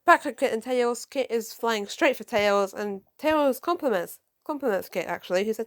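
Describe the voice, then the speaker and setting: A woman casually reviewing a comic book, excitable and prone to swearing, who stumbles and corrects herself while reading lines aloud. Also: on the high side, moderate pace, hardly any pauses.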